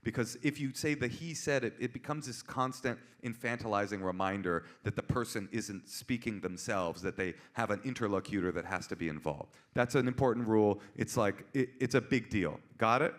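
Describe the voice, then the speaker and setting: A man in his forties, a comedian and author, telling stories on stage with an animated, punchy delivery. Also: lowish voice, fairly quick, hardly any pauses. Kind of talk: live on-stage storytelling. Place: auditorium stage before an audience.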